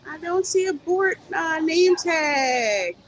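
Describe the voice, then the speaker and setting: A woman's voice: very high-pitched, expressive, takes it slowly, slight background noise, low-quality recording. A woman, live-streaming a casual, playful walk through a theme park gift shop and talking straight to her viewers.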